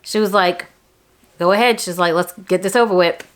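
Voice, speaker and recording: A woman vlogger telling a story to camera in a casual, animated way, jumping up high when she quotes herself. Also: normal speed. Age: adult.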